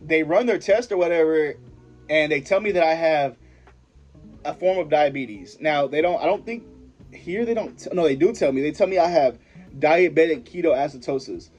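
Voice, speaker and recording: A man's voice: a little high, normal speed, darkish tone, soft background music. A young man vlogger telling a personal story in a rambling, profane, slangy way, often stopping and restarting his sentences. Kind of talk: casual storytelling to camera.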